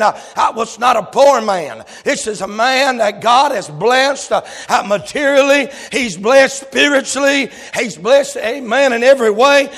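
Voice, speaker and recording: A man preaching a fervent sermon, filling it with "uh" and "amen" and breaking into shouts. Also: very high-pitched. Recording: long hall reverb.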